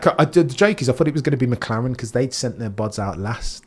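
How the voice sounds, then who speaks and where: Animated British man commentating live. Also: medium pitch, moderate pace, hardly any pauses. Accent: British English. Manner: animated, swinging between excited shouts and deflated mutters; reads and answers chat. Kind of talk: live watch-along commentary.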